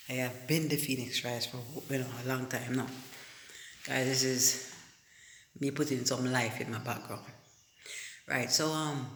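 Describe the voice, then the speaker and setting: A Jamaican man speaks straight to his viewers in a loose, animated way, with "you know" dropped between phrases. His voice sits at an ordinary middle pitch. The room around him rings with a noticeable echo. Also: slight background noise. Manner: animated, addresses viewers as guys, many you-knows. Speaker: vlogger. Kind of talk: casual storytelling to camera.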